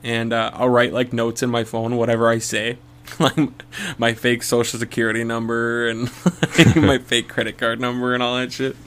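A man's voice: mid-range voice, monotone, moderate pace, a bit bright, clean tone. Young man telling rambling stories. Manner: rambling storyteller, swears a lot, laughs often. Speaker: podcast co-host. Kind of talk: casual podcast chat.

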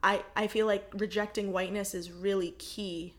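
A young American woman in relaxed podcast conversation. She thinks aloud in loose, filler-heavy sentences and laughs easily. Her voice sits in an ordinary middle range. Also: medium pitch, normal speed. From United States. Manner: chatty, thoughtful, frequent "like" fillers, laughs often. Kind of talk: casual conversation.

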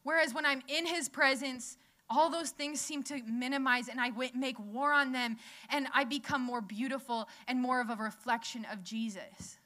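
Bright-voiced woman giving a chatty sermon. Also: high-pitched, fairly even intonation, normal speed. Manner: chatty, laughs often, asks the audience questions. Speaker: speaker at a church gathering. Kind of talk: casual sermon.

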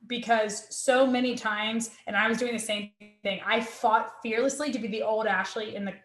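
A woman's voice: on the high side, a bit bright. Woman, 30s, earnest, reflective, personal storytelling, quotes her own thoughts, roomy echo. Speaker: guest sharing her story. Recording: echoey room.

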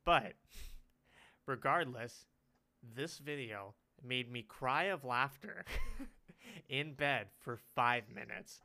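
A man's voice: medium pitch, expressive, slow pace, pauses often, bright, forceful tone. A young man telling rambling stories on a casual podcast, laughing often. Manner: giggly, rambling storyteller. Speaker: podcast co-host. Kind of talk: casual chat.

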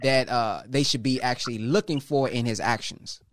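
A man hosts an interview, asking long, probing questions that ramble a bit. His voice sits at a middle pitch. The recording is dry and close. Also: normal speed, no echo.

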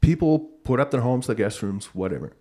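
A man of middle pitch talking through a point in a casual podcast debate. He sounds earnest and keeps restarting his sentences as he thinks aloud. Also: expressive, fairly quick, dark tone. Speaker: podcast co-host.

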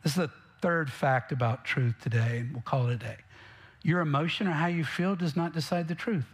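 Brief: male pastor, slightly high-pitched, punchy sermon delivery. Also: brisk, slightly rough. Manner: emphatic preaching, direct questions to the congregation.

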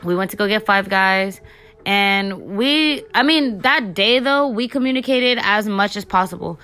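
A woman's voice: medium pitch, lively intonation, a little slow, pushed and bright, smooth. A young woman hosting a podcast, telling a story in a loose, profane, filler-heavy chat. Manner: chatty, profane, lots of fillers. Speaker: podcast host. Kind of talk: casual storytelling monologue.

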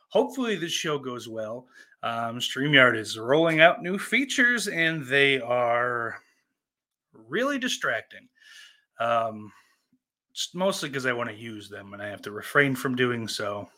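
A male podcast host with a medium pitch runs a casual live-stream chat, greeting viewers and rambling through profane, self-deprecating banter. Loud outbursts break up his muttered asides.

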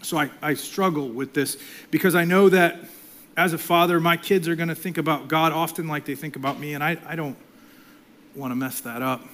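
Middle-aged pastor guy preaching, a bit high voice, goes loud then drops to whispers. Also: steady tone, brisk, slight background noise. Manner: dynamic, swings from loud to soft whispers. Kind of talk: sermon.

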